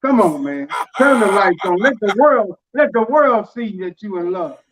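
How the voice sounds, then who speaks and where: A man's voice: high-pitched, lively intonation, normal speed, a crowd in the background. A man in his fifties, a show guest, ribbing a friend in rambling, mock-preaching banter and laughing as he goes. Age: 50s. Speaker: celebrity guest. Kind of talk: joking, roasting banter. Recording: dull lo-fi sound.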